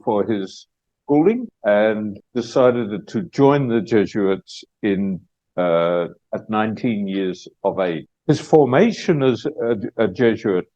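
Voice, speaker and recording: An Australian man giving a public lecture as guest speaker, unhurried and with many hesitations. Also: lowish voice, darkish tone, lo-fi sound.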